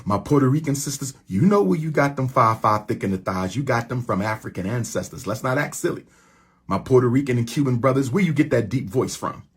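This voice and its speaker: A man's voice: mid-range voice, a little fast, breathy edge. A man delivering an impassioned, preachy rallying address to his followers, repeating his lines for emphasis. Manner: preachy, repetitive call-and-response phrasing.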